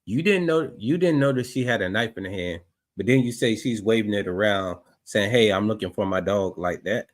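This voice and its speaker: Low-voiced skeptical male commentator. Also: lively intonation. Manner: skeptical, halting with restarts. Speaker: livestream commentator. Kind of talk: casual commentary over footage.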